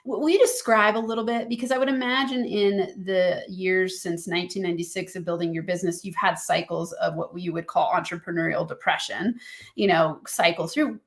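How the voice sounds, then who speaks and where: A woman's voice: lowish voice, fairly even intonation, a little fast. Enthusiastic woman hosting an interview. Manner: enthusiastic, affirming, recaps guest's points. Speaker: host. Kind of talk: interview conversation.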